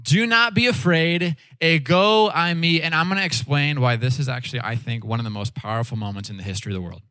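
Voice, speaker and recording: Man, sermon, animated storytelling, slightly high pitch, dry sound. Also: a little fast, dry recording. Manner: animated storytelling, acting out quoted voices; casual, with frequent "like" and "all right". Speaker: pastor.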